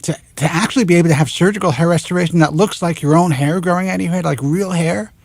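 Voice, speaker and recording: A man in his forties with a New York accent, hosting a talk show and ranting in an animated, exasperated monologue into a close studio mic. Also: on the high side, quick pace, gravelly, no room sound. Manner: animated, exasperated, swears in clipped letters.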